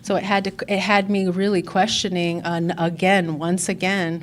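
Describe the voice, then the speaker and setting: A woman's voice: fairly low pitch, little pitch movement, moderate pace, hardly any pauses. A woman speaking at a recovery conference, sharing her personal story candidly and reflectively, with fillers and restarts. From Chicago.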